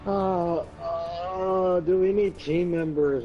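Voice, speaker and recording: A young man playing alongside a friend, breaking into frustrated outbursts and quick questions. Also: fairly high pitch, sing-song, music in the background. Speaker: co-player. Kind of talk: casual gameplay chat.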